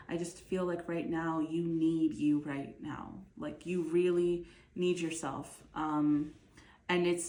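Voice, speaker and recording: A woman with a somewhat low voice talks viewers through a tarot reading in a casual, rambling way, full of fillers and restarts. She has a slight cough. The sound is roomy and echoey. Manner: relaxed, chatty, many fillers and restarts. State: bit of a cough and hiccups. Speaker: tarot reader. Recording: echoey room.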